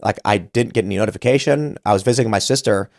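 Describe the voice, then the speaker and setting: A man's voice: fairly low pitch, fast talker, vocal fry, darkish tone, no room sound, clean studio sound. A man in his thirties hosting a podcast, telling a story casually and animatedly, acting out the voices he quotes. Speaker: podcast host.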